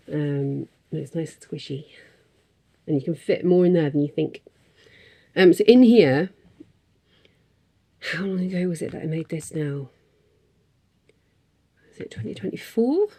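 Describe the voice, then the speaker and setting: A woman's voice: fairly low pitch, creaky, warm tone. A woman in a casual craft vlog, chatting in a rambling way with frequent ums and little laughs. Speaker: craft vlogger. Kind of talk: casual chat.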